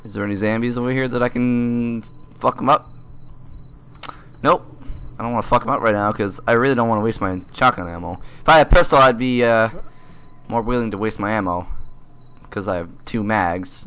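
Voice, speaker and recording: A man's voice: fairly low pitch, brisk, a bit bright, slight background noise. A young man giving casual, joking commentary while playing a survival game at his computer, swearing freely and bursting into laughter. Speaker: gaming commentator. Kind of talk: casual let's-play commentary.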